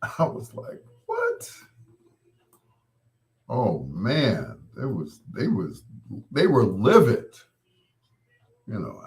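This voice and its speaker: Guy telling a story slow and lively, laughing, acting out what people said. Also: on the low side. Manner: animated, laughing, acts out quoted people. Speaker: host. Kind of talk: casual storytelling monologue.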